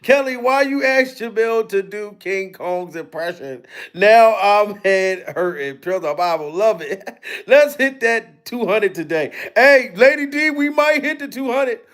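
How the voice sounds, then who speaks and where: A man hosting a live-stream commentary show, loud and profane, laughing and mocking as he reacts to clips and reads out viewer donations. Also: high-pitched, expressive, measured pace. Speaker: livestream commentary host.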